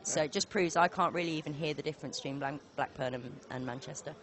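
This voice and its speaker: A woman from southern England doing live poker tournament commentary, chatty and quick with asides and laughter. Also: low-pitched, fairly bright tone.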